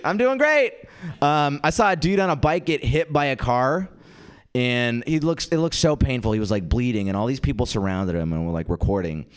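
Before a live crowd at a comedy venue, a young stand-up comic who is also the show's host pokes fun at himself in an energetic set, imitating the people he quotes with mock voices. He speaks fairly quickly at a medium pitch, with a clean tone.

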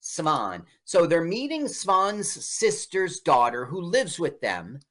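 A man's voice: high voice, sing-song, slow pace, a bit bright. A man co-hosting a casual movie commentary, chatting through film history. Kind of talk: casual chat over a movie.

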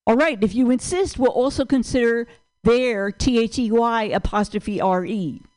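An older woman with a New York accent does stand-up in a small venue, her voice fairly high. She rants brashly and profanely, lecturing the crowd like a stickler. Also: moderate pace, darkish tone. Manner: brash, profane, pedantic ranting. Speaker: stand-up comedian.

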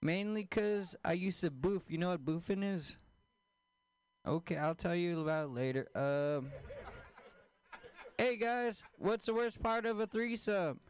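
A man doing a stand-up comedy set, deadpan, with crude punchlines and questions thrown at the audience. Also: sits high, a little slow, pauses often, clean tone.

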